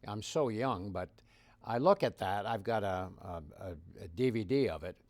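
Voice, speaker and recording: A man's voice: lowish voice, moderate pace, no room sound. Older guy spinning showbiz stories, voice jumps all over, dry close sound. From Canada. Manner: animated storyteller, swings loud and soft. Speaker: impressionist guest. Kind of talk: anecdotal interview storytelling.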